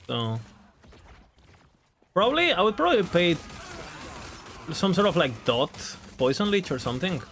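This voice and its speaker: A man's voice: high voice, huge pitch swings, unhurried, creaky, long pauses, a bit bright, a little hiss or hum. A man talking casually on his game stream, thinking aloud, hedging and repeating his words as he answers chat.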